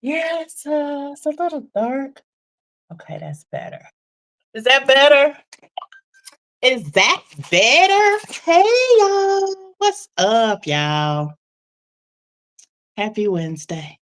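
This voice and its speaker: Woman live-stream host, slightly out of breath, bouncy pitch, unhurried chatty delivery. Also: big pitch swings, a bit bright, low-quality recording. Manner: chatty, reads and answers viewer comments. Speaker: livestream host chatting with viewers. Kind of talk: casual live chat.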